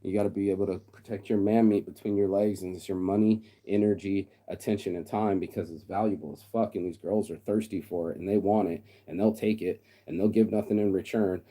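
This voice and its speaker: Deep, dark-voiced man ranting fast. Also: fairly even intonation. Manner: blunt, profane, mimics others in quotes. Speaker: vlogger. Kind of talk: casual ranting monologue.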